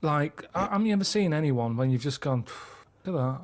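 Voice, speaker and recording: A man giving deadpan, rambling explanations in casual podcast chat. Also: fairly high pitch, fairly quick. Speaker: podcast guest.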